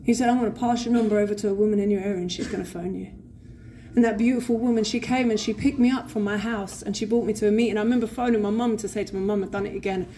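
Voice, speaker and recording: In a convention hall with an audience, a woman with a London accent gives a live personal recovery share, swearing freely and acting out the other voices in her story. Her medium-pitched voice is mellow and steady, delivered rapid-fire, with a little hiss or hum.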